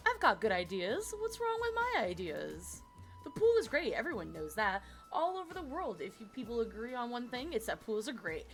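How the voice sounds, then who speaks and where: A woman's voice: fairly high pitch, sing-song, normal speed, a bit bright. A young woman streaming a game, chatting casually, gushing, squealing and cursing as she plays. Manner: bubbly and gushing, squealing and swearing. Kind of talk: casual gameplay commentary. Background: faint game music.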